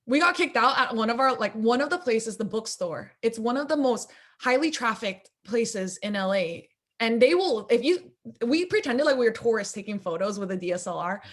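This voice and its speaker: Young woman filmmaker rambling in an interview, kinda high voice, squeaky from talking too long. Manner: chatty, animated, quick asides. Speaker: filmmaker guest. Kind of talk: casual interview chat.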